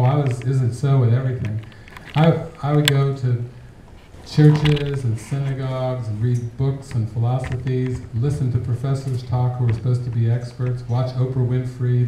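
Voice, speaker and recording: A man giving a relaxed, reflective spiritual talk to an audience, working through everyday examples. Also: mid-range voice, very echoey, far from the mic, a little hiss or hum, low-quality recording. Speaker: spiritual teacher.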